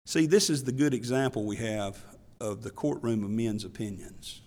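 A man's voice: medium pitch, normal speed, a little mellow. A male pastor preaching a sermon in a folksy, conversational way, telling Bible stories and reading scripture aloud. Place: church. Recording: reverberant church hall.

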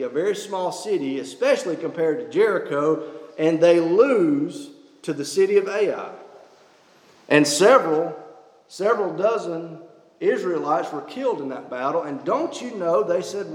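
High-voiced preacher in an echoey church. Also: male voice, animated, unhurried. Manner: emphatic preaching with rhetorical questions. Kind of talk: sermon.

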